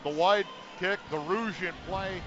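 A man doing radio play-by-play for football, shouting the call at big plays and then talking it over calmly. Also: sits high, a little slow, faint music behind. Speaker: play-by-play announcer. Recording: muffled radio broadcast with stadium noise.

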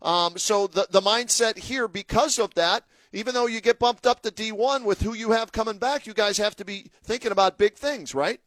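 Chatty high-voiced male sports radio host. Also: normal speed, few pauses, fairly bright tone, no room sound. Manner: chatty, friendly banter with fillers.

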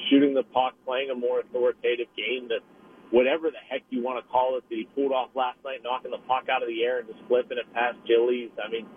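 A man working as a hockey reporter, a guest on a radio show calling in from his car. He chats casually and analytically, laughs easily and often restarts his sentences. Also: medium pitch. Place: driving in a car. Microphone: phone call. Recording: husky, tinny phone line.

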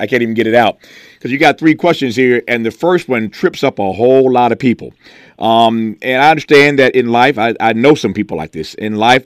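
A man hosting a radio talk show in a studio, earnest and measured, with reflective personal asides. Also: lowish voice, dry recording. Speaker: radio host. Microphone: studio mic.

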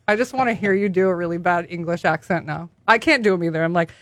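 A woman's voice: fairly low pitch, fast talker, dry recording. A woman hosting a music show, bubbly and upbeat, giggling often as she chats with a guest. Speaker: radio show host. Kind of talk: casual interview chat.

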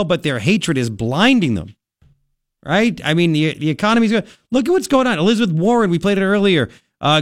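A man's voice: a little high, dry recording. A man hosting a talk radio show, delivering a brash, sarcastic, opinionated monologue into a studio microphone.

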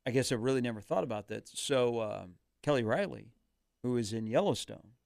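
Male co-host, anecdotal banter, mid pitch, dry studio mic. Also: expressive, brisk, vocal fry, a little mellow, no echo. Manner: storytelling, acts out quotes. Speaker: radio show co-host. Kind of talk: casual chat.

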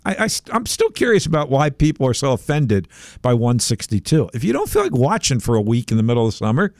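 A man hosting a sports talk radio show, animated and emphatic, taking calls and arguing his points. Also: medium pitch, fast talker, dry recording, clean studio sound. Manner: animated, emphatic, gets fired up.

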